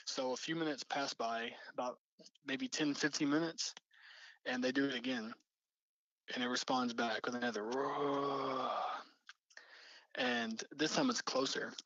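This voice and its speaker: A man's voice: medium pitch, fairly bright tone, no echo, lo-fi sound. A young man telling a story casually, rambling with lots of fillers and restarts. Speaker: storyteller recounting an encounter.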